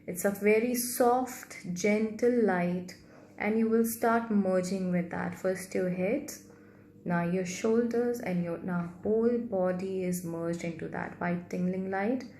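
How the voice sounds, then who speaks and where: A woman guiding a healing meditation in a soft, gentle, slow and repetitive way. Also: medium pitch. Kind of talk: guided meditation. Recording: roomy echo with faint background hiss.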